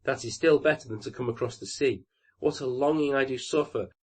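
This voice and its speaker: A man's voice: medium pitch, a little fast, breathy edge, natural voice. A man voicing a young fir tree in a storybook reading, eager and full of longing questions.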